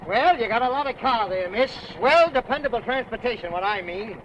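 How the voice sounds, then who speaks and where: A pushy used-car salesman with a high, slangy voice, talking his way out of every complaint. The sound is dull lo-fi old film audio with a light hiss. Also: lively intonation, a little fast. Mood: wheedling. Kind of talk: 1930s film acting.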